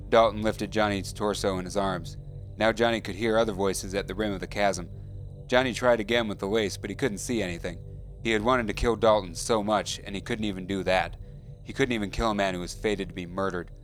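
A man reading a story aloud in a measured, somber way. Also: lowish voice, fairly even intonation, soft background music. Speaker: narrator. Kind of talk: audiobook narration.

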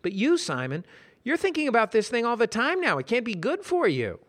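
A man's voice: very high-pitched, huge pitch swings, a little fast, pitched above the performer's own voice, full character voice. A man voicing Brad, a chatty, easygoing heavyset coworker with a casual, folksy way of talking. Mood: advising.

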